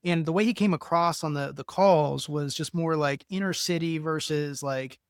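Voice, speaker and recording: Chatty confident host guy from philly, slightly high voice, dry close mic. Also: normal speed, clean tone, dry recording. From Philadelphia area, US. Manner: chatty, self-assured, rambling with many fillers. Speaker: podcast host. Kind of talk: casual interview talk.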